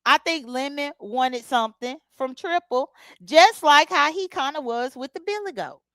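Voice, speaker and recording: A woman's high, animated voice carries a fairly bright tone at a moderate pace as she hosts a casual livestream. She greets chat viewers by name and talks bluntly with features. There's no echo.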